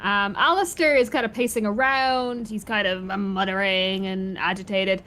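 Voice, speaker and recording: A woman's voice: medium pitch, steady tone, normal speed, pushed and bright, slight background noise. A woman running a tabletop role-playing game, narrating the scene casually with plenty of fillers. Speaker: game master.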